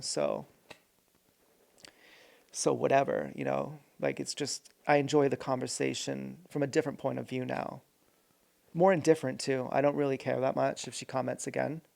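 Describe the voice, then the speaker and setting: A man's voice: mid-range voice, little pitch movement, moderate pace, vocal fry, a little mellow. A man vlogging a rambling, earnest personal monologue, often stopping to correct himself.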